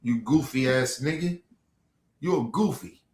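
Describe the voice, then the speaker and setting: A man's voice: medium pitch, a little slow, roomy sound. A man ranting at a viewer on a livestream, aggressive and profane. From Baltimore. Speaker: streamer. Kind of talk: livestream rant.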